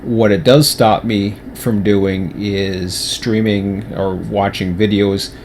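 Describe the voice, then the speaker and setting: A fairly low-pitched man talks to his stream viewers in a loose, rambling way, restarting sentences and filling gaps. He chews as he speaks now and then. A faint air-conditioner hum sits behind him. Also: fairly even intonation, slow, a little mellow. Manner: rambling, many restarts and fillers. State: talking with mouth full. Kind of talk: casual livestream chat.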